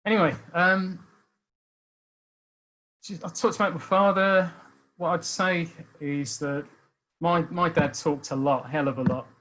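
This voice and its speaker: A man in his sixties from Birmingham with a Birmingham accent, talking about his life in a thoughtful, hesitant way with many pauses and restarts. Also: fairly high pitch, steady tone, a bit bright, poor audio. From Birmingham, England. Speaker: speaker sharing life experience. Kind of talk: reflective personal talk.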